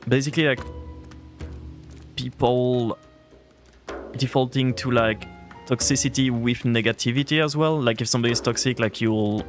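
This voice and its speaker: A man streaming a game live, chatting casually and answering his viewers' chat, rambling with lots of filler words. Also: mid-range voice. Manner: rambling, heavy use of "like" fillers; reacts to and answers chat aloud.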